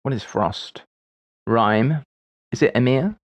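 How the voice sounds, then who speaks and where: Speaking slowly at a medium pitch, this forty-something streamer talks through puzzles live, trailing off mid-thought and laughing at his errors. There's no echo on the audio.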